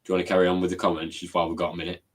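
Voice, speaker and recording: A man giving brisk live football commentary for an online watchalong, with excited bursts when the action picks up. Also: low-pitched, slightly rough.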